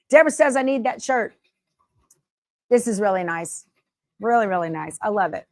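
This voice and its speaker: A woman's voice: medium pitch, expressive, a little slow, pauses often, dry recording. A middle-aged woman hosting a casual sewing livestream, chatting, laughing often and reading viewer comments aloud. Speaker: sewing show host.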